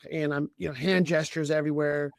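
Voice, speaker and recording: A man who coaches leaders tells a personal story in a voice that sits a little higher than most men's. He talks haltingly, restarts his sentences often and keeps clearing his throat. The sound is dry and close, with no room echo. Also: fairly even intonation. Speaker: leadership coach and podcast co-host. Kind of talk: conversational storytelling.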